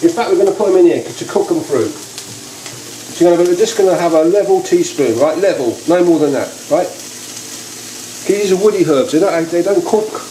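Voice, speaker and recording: A man's voice: high-pitched, lively intonation, moderate pace, dark tone. A British man hosting a casual cooking demonstration in a home kitchen, rambling and chatty with many restarts. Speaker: cooking video host. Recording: echoey kitchen, faint noise.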